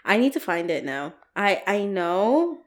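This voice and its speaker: A woman's voice: medium pitch, a little slow, crowd noise. A young woman co-hosting a podcast in casual chat, laughing often and swearing freely. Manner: laughing, swearing, animated banter. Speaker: podcast co-host.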